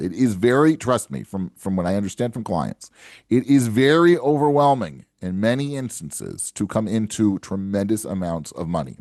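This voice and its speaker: Deep-voiced man giving money advice. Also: a little mellow, no echo, clean studio sound. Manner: earnest and coaching, tags lines with "right?" and "okay?". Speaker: financial advisor and show host. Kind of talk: solo podcast talk to camera.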